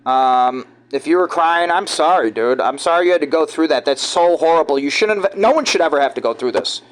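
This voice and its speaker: A man from giving rambling, halting, conspiratorial commentary over video clips. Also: fairly high pitch, animated, clean tone, low-quality recording. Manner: halting, restarts often, conspiratorial. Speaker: vlogger.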